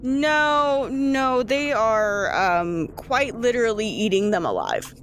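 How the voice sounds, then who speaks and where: A woman's voice: fairly high pitch, very animated, slow pace, fairly bright tone, a little hiss or hum. A woman narrating a tabletop game as game master, casual and rambling with lots of fillers. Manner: casual, rambling with many fillers and frequent laughs.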